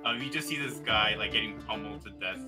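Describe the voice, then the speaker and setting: A man's voice: on the low side, fast, music in the background. A man in a tabletop role-playing session eagerly describes how he pictured the fight, repeating himself as his thoughts catch up. He talks in a casual, friendly way. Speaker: player. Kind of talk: casual chat in a tabletop game.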